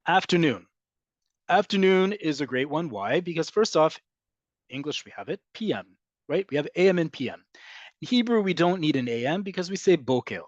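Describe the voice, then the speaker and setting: A man's voice: a little high, expressive, dry recording, highs cut off. Emphatic man teaching a language lesson. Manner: explanatory, emphatic, repeats key words slowly. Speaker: Hebrew teacher. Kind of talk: live online language lesson.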